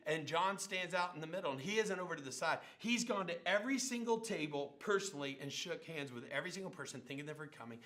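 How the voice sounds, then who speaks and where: A middle-aged male pastor telling stories in a sermon, animated and acting out the people he quotes. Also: on the high side, a little fast. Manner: animated storyteller, acts out quotes and sounds. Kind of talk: sermon storytelling.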